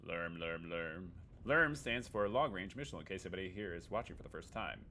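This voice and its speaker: Playful low-voiced male game streamer. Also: animated, quick pace, sharp tone, slight background noise. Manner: playful, jokey, makes beep-boop sound effects. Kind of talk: casual live-stream commentary.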